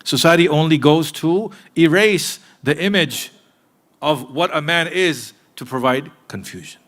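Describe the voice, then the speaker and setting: A man delivers a sermon in a mosque, his voice sitting a little higher than most men's. He talks straight to his listeners in an earnest, direct way, pressing some points hard and dropping others to a near hush. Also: a little slow. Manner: earnest and direct, addressing listeners, swinging from emphatic to hushed. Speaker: mosque preacher. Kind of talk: sermon to a live congregation.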